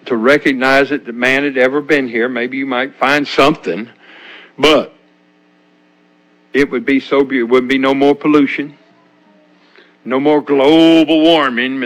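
An older man delivering a homespun sermon in a middle-pitched voice. He speaks in a folksy, halting way, often breaking off and restarting sentences as he reads and reflects on scripture. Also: poor audio. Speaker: preacher. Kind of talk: informal sermon.

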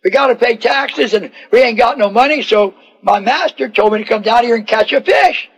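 A man's voice: extremely high pitch, animated, normal speed, breathy edge, exaggerated voice. A man voicing a humble, puzzled fisherman disciple who talks in a plain, folksy, earnest way.

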